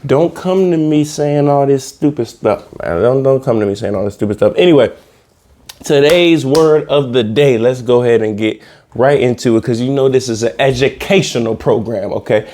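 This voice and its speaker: At a moderate pace and with a dark tone, this mid-range male voice belongs to a comedy podcast host. He rambles casually in slang, circling back to the same lines to get laughs.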